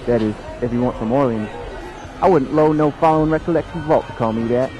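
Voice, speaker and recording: A man voices a suspicious, plainspoken backwoods man in a radio play. He talks in a folksy drawl at a middling pitch, while soft music plays behind him. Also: fairly quick, natural voice. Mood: blunt.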